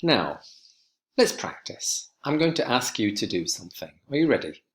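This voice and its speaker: A man teaching an English grammar lesson to students, clear and emphatic as he speaks to them directly. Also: medium pitch, big pitch swings, brisk.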